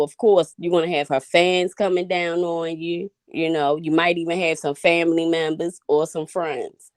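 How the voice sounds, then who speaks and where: A woman from Baltimore calling in, giving calm, reassuring advice. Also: lowish voice, no room sound, clean studio sound. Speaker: caller. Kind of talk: call-in advice.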